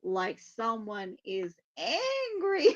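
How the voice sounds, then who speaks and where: A woman's voice: mid-range voice, highs cut off. A woman hosting a psychic podcast in a casual livestream chat, laughing often and swearing casually.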